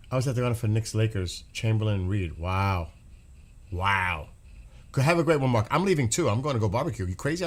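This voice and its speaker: A middle-aged American man, chatting casually and earnestly with live viewers, rambling and repeating himself. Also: mid-range voice. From United States. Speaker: live stream host.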